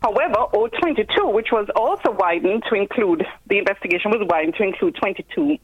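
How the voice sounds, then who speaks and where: A Jamaican woman, a guest commentator in a phone-in news interview, explaining things step by step with pauses. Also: medium pitch, lively intonation, breathy edge, narrow, tinny audio.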